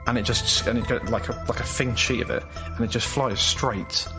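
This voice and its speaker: A man's voice: medium pitch, steady tone, brisk. Man narrating an improv game over music. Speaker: podcast guest. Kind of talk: narrating an improv role-play.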